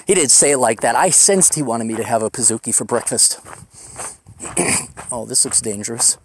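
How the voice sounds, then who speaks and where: A man's voice: medium pitch, expressive, normal speed, background noise. A man hosting a podcast, rambling casually while hiking outdoors on a desert trail, ranting with profane sarcasm. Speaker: podcast host.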